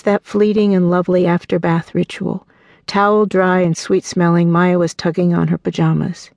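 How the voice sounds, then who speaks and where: A woman narrating her own memoir as an audiobook, telling the story in an earnest, warm way and voicing the people in it. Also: on the low side, steady tone, moderate pace, vocal fry, no echo.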